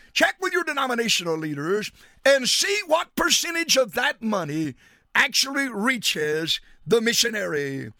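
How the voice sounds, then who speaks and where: A man's voice: high-pitched, sharp tone, dry recording, clean studio sound. A middle-aged man preaching a radio sermon, emphatic and preachy, laying out numbered points.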